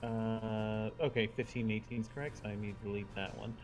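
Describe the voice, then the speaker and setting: A man running a tabletop game as game master, relaxed and halting with plenty of fillers. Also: fairly low pitch, slight background noise.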